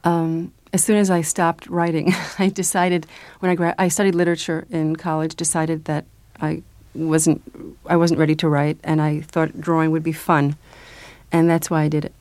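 A woman with a slightly low voice speaks as a radio interview guest. She hesitates and restarts often and laughs easily. The sound is dry and close. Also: little pitch movement, moderate pace, a little mellow, no room sound. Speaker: guest, children's book author and illustrator.

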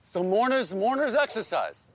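A man playing an excitable, prying guy. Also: high voice, moderate pace, slight background noise, pitched above the performer's own voice. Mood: excited. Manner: excitable, prying, repeats himself. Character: excitable, nosy middle-aged man. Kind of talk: sitcom acting.

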